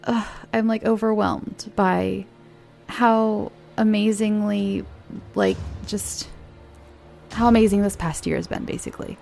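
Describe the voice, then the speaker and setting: A woman hosts a horror podcast, tired and rambling as she thanks her listeners. Her voice is gravelly, dark and mellow, with faint music behind her. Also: mid-range voice, a little slow. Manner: rambling, chatty, openly grateful. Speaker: podcast host. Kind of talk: casual podcast intro.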